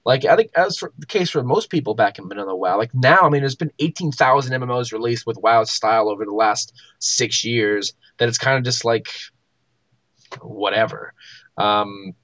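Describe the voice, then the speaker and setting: Young podcast co-host, lively storyteller, dry close sound. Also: male voice, mid-range voice, normal speed, no room sound. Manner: animated storyteller, many likes and ums. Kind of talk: casual chat, storytelling.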